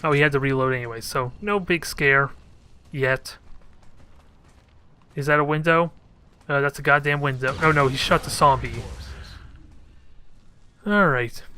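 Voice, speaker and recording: A man with a bright, forceful voice that sits a little high. He talks through his own strategy game in a casual let's-play commentary, thinking aloud as he plays and throwing joking remarks at his troops. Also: smooth. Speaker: gameplay commentator.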